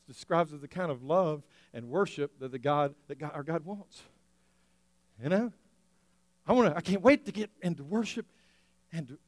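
A male pastor preaching a lively sermon, laughing often and acting out scenes for the congregation. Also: fairly high pitch, no room sound. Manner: animated, laughing often, acting out an excited dog.

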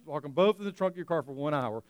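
A male pastor preaching a lively sermon, laughing often and acting out scenes for the congregation. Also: fairly high pitch, fast, no room sound. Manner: animated, laughing often, acting out an excited dog.

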